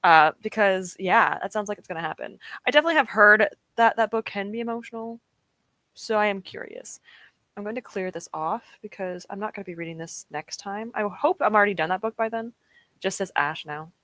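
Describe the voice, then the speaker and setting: A young woman chats with her viewers while hosting a reading stream at her home desk, giggling often and reacting to the live chat. Her voice sits at medium pitch, a bit bright, and she speaks fairly quickly.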